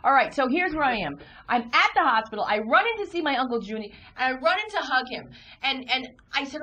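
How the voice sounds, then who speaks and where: Animated woman telling comic stories. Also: high voice, fast talker, few pauses, dull audio, slight background noise. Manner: animated, acts out voices and shrieks in stories. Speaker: talk show co-host and comedian. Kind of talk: comic storytelling chat. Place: TV studio.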